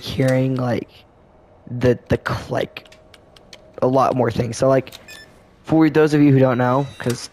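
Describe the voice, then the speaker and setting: A man's voice: medium pitch, darkish tone, a little hiss or hum. A man hosting a casual let's play commentary, rambling and laid-back with lots of filler words. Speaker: gaming channel host.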